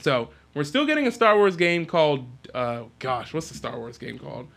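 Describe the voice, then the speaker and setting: A man co-hosting a podcast, chatting casually and excitedly about video games, rambling with lots of fillers. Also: on the high side, normal speed, gravelly. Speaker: podcast co-host.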